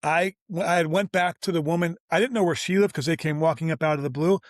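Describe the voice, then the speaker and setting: A man's voice: fairly high pitch, fast, no echo, studio quality. A man guest on a business interview show, telling a story casually and animatedly, acting out the dialogue as he goes. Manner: animated, acts out quoted dialogue, informal.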